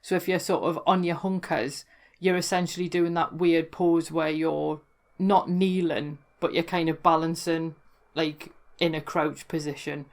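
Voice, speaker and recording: A woman's voice: sits low, steady tone, unhurried. A woman with a Geordie accent, explaining local dialect words in a chatty, amused way that often corrects itself. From North East England. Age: adult, worked in London before. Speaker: folklore blogger explaining dialect. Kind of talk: casual educational talk.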